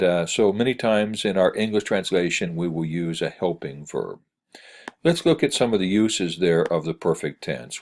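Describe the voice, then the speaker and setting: A man teaches Greek grammar in a recorded screencast lecture, reading examples aloud in a halting way full of "uh" fillers. His voice sits low and is a little mellow.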